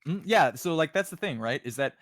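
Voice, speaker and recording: A man's voice: fairly high pitch, lively intonation, fairly quick, fairly bright tone, no room sound, clean studio sound. Rambling man ranting on a livestream. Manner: rambling, emphatic, frequent restarts. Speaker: streamer co-host. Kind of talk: casual political chat.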